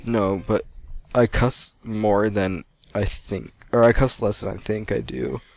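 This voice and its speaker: Rambling young American man, lowish voice. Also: steady tone, measured pace, vocal fry, dry recording. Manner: rambling, chatty, laughs often. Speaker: let's play gamer. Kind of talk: post-recorded gameplay commentary.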